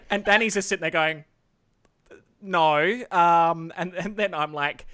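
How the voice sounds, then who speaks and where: A man's voice: high voice, unhurried. An Australian man chatting casually as a podcast guest, telling stories with stammered restarts. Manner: lively storytelling, stammers and repeats words. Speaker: streamer guest. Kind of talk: casual chat.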